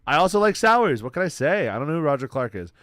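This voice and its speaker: A man's voice: a little high, sing-song, fast, a bit bright, dry recording, clean studio sound. A man casually chatting with viewers while streaming a game, laid-back and swearing freely. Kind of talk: casual livestream chat.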